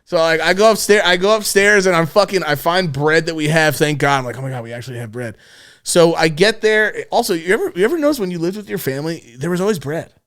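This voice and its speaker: A man's voice: a little high, animated, quick pace, fairly bright tone. A young man hosting a podcast, telling a crude story in a casual, rambling way with lots of swearing and fillers. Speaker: podcast host.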